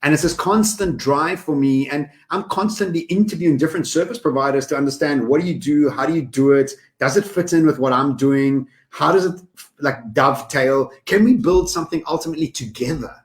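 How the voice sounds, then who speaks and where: A man co-hosting a podcast in casual conversation, energetic and given to quick lists. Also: a little high. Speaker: podcast co-host.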